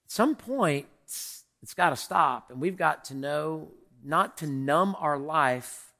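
A middle-aged male pastor preaching a sermon in an animated, repetitive way, calling on the congregation to answer. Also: a little high, slow, vocal fry.

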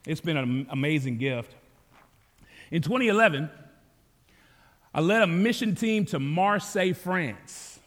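A man's voice: on the high side, fairly bright tone, in a large hall. An American man, a campus pastor, preaching a sermon with easy storytelling that climbs into fervent calls to the congregation. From United States. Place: church sanctuary.

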